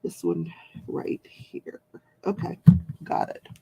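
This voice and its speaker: With a slow pace and dark tone, a woman in her forties runs a live crafting show, casually chatting, laughing a lot, and reading viewers' comments aloud. The recording is dry.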